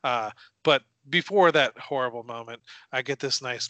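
A young man chats as a podcast co-host, musing and playfully wry. His voice is bright and smooth. The sound is dry and close. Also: medium pitch, normal speed, no room sound. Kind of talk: casual chat. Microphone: video call.

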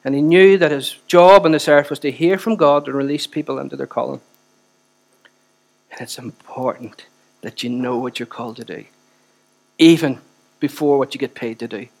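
A man, preaching a sermon with chatty asides and repeated phrases for emphasis. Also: on the high side. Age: 40s. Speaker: pastor.

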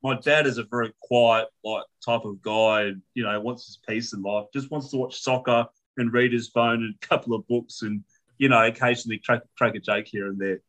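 A man's voice: mid-range voice, steady tone, fairly quick, fairly bright tone, rough recording. A man with an Australian accent, hosting a podcast and animatedly telling a story with swearing and laughter in casual chat. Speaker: podcast host.

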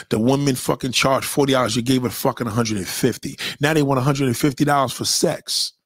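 In a dry, studio-quality recording, a man with a mid-range voice hosts a livestream. His unscripted rant is crude, profane, emphatic and repetitive.

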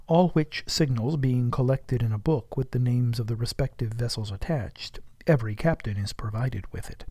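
A man reading a classic novel aloud as an audiobook, measured and at times hushed. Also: medium pitch, no room sound, studio quality. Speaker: audiobook narrator. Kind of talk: literary audiobook narration.

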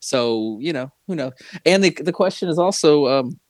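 A man's voice: on the high side, expressive, normal speed, a little mellow, dry recording. Male podcast host, gossipy rambling delivery, dry close sound. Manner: rambling, gossipy, frequent restarts. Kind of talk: casual chat.

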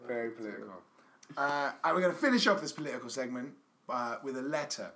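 A man's voice: medium pitch, fast talker, a crowd in the background. A man hosting a comedy podcast, bantering with guests and reading a letter aloud in a mock-solemn tone. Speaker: podcast host.

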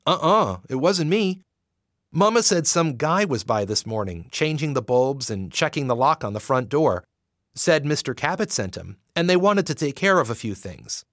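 A man's voice: fairly high pitch, very animated, moderate pace, a bit bright, no echo, studio quality, voice pushed up. A man voicing a cheerful, easygoing young man who speaks in a friendly way.

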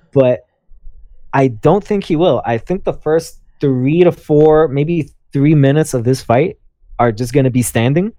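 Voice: medium pitch, mellow, no room sound, studio quality. A podcast panelist breaking down a fight in a casual sports chat.

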